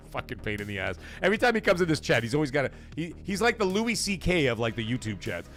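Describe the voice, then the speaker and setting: A man hosting a gaming livestream, loudly shouting out chat donations and swearing casually. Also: fairly high pitch, sing-song, fast, faint music behind. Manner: loud, hyped shout-outs reading chat donations. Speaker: livestream host. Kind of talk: energetic live stream chat.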